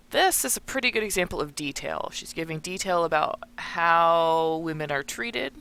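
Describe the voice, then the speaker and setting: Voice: mid-range voice, creaky, pushed and bright. A teacher walking through a text in a recorded lesson, explaining and thinking aloud while annotating it.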